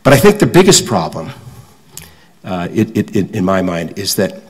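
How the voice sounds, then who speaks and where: An older man from suburban Washington, giving a fireside talk as guest speaker, halting and restarting often, with self-deprecating humor. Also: sits low, sing-song, husky, big-room sound, rough recording. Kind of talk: fireside talk with audience questions.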